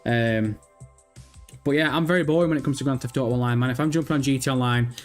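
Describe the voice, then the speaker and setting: Faint background music plays as a livestream host reads viewer messages out loud and rambles his way through replies, cursing freely. He talks fast in a mid-range voice, keeping things casual.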